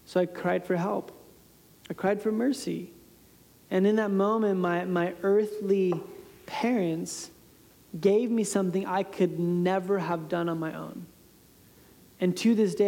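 In a reverberant hall, a thirty-something pastor preaches through stories, chatty and quick to poke fun at himself with a laugh. He has a high, gravelly, warm voice.

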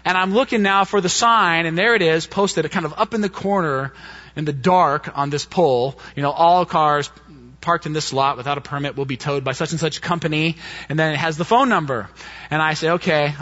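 A man preaching, telling a personal story in an animated way and acting out the quotes. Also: a little high, normal speed. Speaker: pastor. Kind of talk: sermon storytelling. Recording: dull muffled lo-fi sound.

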